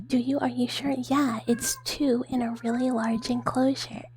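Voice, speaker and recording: A woman streamer doing a whispered role-play, chatting softly with viewers in a breathy whisper and giggling often. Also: high voice, steady tone, unhurried. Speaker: ASMR streamer.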